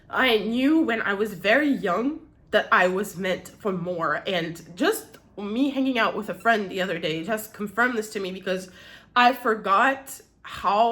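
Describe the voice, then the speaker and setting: A woman's voice: a little high, fairly bright tone. A young woman talking to the camera in a casual confessional vlog, rambling and candid, swearing often and losing her train of thought. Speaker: YouTuber.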